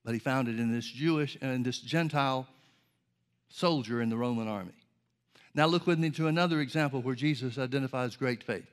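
A man preaching a sermon, explaining scripture in a measured way and reading old-style Bible verses aloud. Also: medium pitch.

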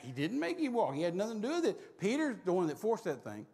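High-voiced folksy preacher in a hall. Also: male voice, quick pace. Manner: animated, folksy storytelling. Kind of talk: storytelling sermon.

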